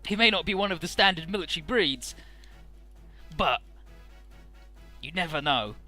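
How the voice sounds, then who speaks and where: A man's voice: on the high side, expressive, normal speed, pushed and bright, soft background music, voice pushed up. A man voicing a stiff, paranoid teenage boy soldier who talks in an earnest, matter-of-fact military tone.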